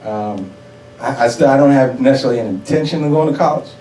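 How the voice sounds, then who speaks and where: A young man from New York City telling a personal story on stage, profane and animated. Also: mid-range voice, quick pace, a little hiss or hum. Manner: profane, animated, laughing audience reactions. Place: stage before a live audience. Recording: roomy hall, mic at a distance. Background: audience laughter.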